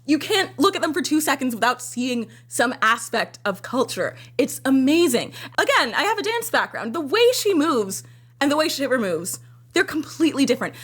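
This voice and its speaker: A young woman with a slightly high voice talks through her own video in an excitable, gushing rush. She swears freely and keeps leaping up into squeals when something thrills her, then drops back to a low mutter. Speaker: video creator giving director's commentary. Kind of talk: casual commentary chat.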